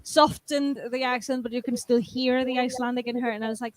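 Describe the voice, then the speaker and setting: A woman co-hosting a casual group chat, telling stories with animation. Her voice sits high for a woman. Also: fairly even intonation, fairly quick. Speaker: co-host.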